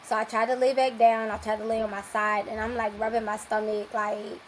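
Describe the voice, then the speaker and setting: A young woman, a podcast guest, telling a long personal story in a lively, casual way and acting out what people said. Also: a little high, brisk, slight background noise, rough recording. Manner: lively, acts out quoted dialogue.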